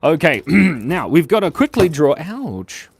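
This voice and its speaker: A man hosting a live drawing stream, chatting playfully and excitedly with viewers. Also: on the high side, unhurried, creaky, slightly rough, dry recording. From Australia. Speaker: livestream drawing host.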